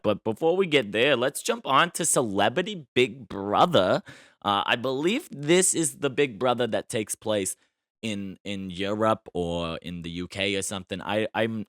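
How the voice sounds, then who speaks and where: A man's voice: lowish voice, a bit bright, dry recording. Joking man hosting a podcast, dry sound. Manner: playful, boastful, tongue-in-cheek. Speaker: podcast host. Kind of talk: casual solo podcast chat.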